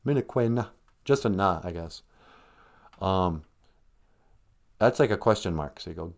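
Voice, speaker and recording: A man's voice: fairly low pitch, very animated, unhurried, pauses often, a little mellow. A middle-aged man hosting a comedy live stream, rambling through jokes and language lessons with playful asides.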